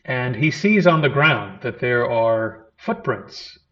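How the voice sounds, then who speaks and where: A man's voice: medium pitch, big pitch swings, slow, sharp tone, muffled recording. A man giving a teaching talk, retelling an old scripture story and explaining its terms as he goes. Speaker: lecturer on Buddhism.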